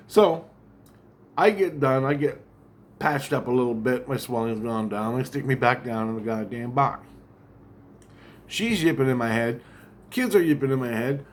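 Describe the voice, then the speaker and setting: A man's voice: mid-range voice, normal speed, long pauses, slight background noise. A man talking in a casual vlog monologue, rambling, agitated and heavily profane.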